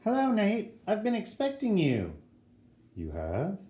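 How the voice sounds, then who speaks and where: A man's voice: high voice, huge pitch swings, measured pace, warm tone, pitched above the performer's own voice, full character voice. A man doing a chatty, motherly woman. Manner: gossipy, kindly, chatty. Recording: roomy echo.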